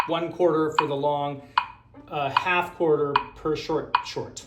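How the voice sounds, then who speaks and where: A man's voice: on the high side, fairly even intonation, a little slow, heavy background noise. A man teaching a violin lesson, explaining technique with many fillers and counting rhythms aloud. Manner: counts beats and calls out rhythms while playing. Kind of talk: online music lesson. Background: violin playing.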